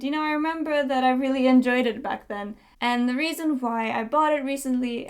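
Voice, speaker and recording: A young woman chatting casually through book reviews, candid and chatty, with lots of fillers. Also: a little high.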